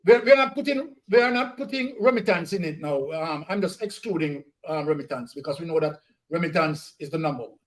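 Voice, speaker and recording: A man's voice: on the high side, animated, fairly quick, few pauses. A man from Jamaica co-hosting a casual political discussion, speaking emphatically and repeating key phrases. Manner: emphatic, repeating points for stress.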